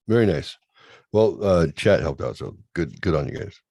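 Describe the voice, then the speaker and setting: A middle-aged man hosting a crude, casual chat show, loud and laughing, often putting on high voices to mimic his kids. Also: lively intonation, normal speed, vocal fry, no echo. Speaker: podcast host.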